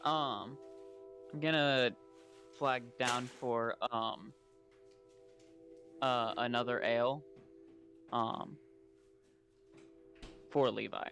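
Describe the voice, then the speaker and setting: A man's voice: mid-range voice, steady tone, very slow, creaky, pauses often, fairly bright tone, soft background music. A man playing a tabletop role-playing game, speaking hesitantly with many fillers. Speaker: player. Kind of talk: casual tabletop play.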